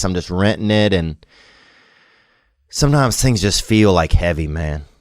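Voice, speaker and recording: A man telling a personal story in a rambling, halting way, reflective and emotionally open, with lots of slang and restarts. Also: low voice, no room sound, studio quality. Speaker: podcast host. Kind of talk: confessional storytelling.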